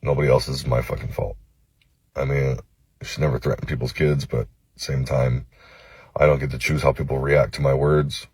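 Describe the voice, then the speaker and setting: A man from Los Angeles recording a phone-camera apology video, halting and cursing, with many pauses and fillers. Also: very deep voice, little pitch movement, a little mellow, husky, no room sound. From Los Angeles, United States. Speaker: vlogger.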